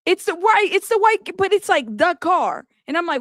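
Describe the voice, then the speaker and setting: High-voiced woman host, animated live commentary, dry sound. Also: moderate pace, dry recording. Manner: animated, talks to viewers directly. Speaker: livestream host.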